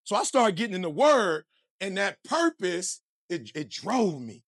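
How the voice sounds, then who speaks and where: Male motivational speaker, high and punchy, preaching to the crowd, dry sound. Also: unhurried, dry recording. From Detroit, USA. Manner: energetic, preachy, slang-heavy, addresses the crowd directly. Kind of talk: motivational speech.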